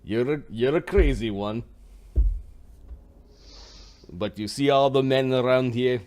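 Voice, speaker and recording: A man's voice: medium pitch, takes it slowly, darkish tone, natural voice. A man voicing a shrewd, menacing male bookie with a put-on Russian-style accent and broken grammar.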